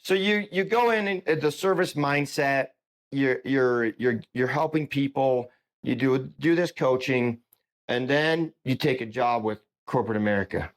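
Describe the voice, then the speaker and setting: A man's voice: mid-range voice, measured pace. Male podcast host, casual storyteller, loose delivery full of restarts. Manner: rambling storyteller with many restarts. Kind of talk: casual interview conversation.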